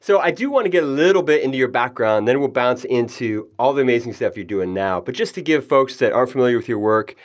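A man's voice: mid-range voice, expressive, fast talker, hardly any pauses. A man hosting a podcast interview, friendly and jokey, with self-deprecating asides. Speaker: podcast host. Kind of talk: casual interview chat.

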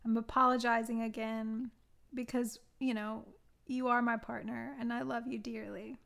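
A woman co-hosting a movie review podcast, playful and quick to laugh in casual chat. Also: fairly high pitch, little pitch movement, gravelly, fairly bright tone. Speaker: podcast co-host.

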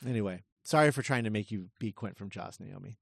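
A man's voice: lowish voice, fairly quick, creaky, no echo, studio quality. A man hosting a podcast in casual chat. He laughs often and hesitates with many fillers. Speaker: podcast host.

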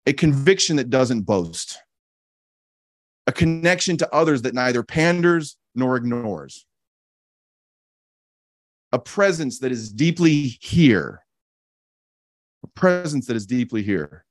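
A man's voice: mid-range voice, big pitch swings, slow pace, pauses often, dry recording, clean studio sound. A man giving a reflective teaching talk as a podcast host, earnest and repeating key phrases for emphasis, with casual restarts. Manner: frequent restarts and casual fillers.

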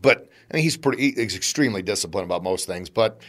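A middle-aged man hosting a motivational podcast, talking in an animated, chatty way and laughing between points. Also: fairly low pitch, fast. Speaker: podcast host.

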